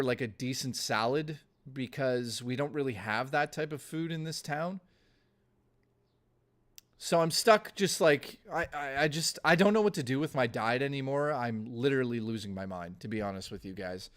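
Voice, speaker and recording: A man's voice: fairly high pitch, fairly bright tone. A man streaming live, chatting casually with his viewers in a blustery, profane rant. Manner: profane, blustery ranting to chat.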